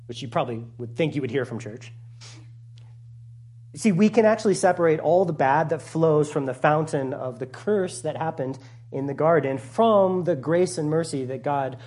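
A man, a pastor, giving a conversational, animated sermon with asides to the congregation. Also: on the high side, breathy edge.

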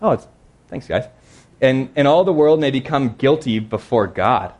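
A man preaching a sermon in a conversational, earnest way, slowing down to read scripture verses. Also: medium pitch, expressive, a little mellow.

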